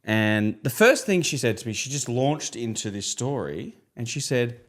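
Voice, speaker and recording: A man in his thirties, a podcast co-host from Australia, telling a long story in casual chat and jumping into high voices when he quotes people. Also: lively intonation, normal speed, a bit bright.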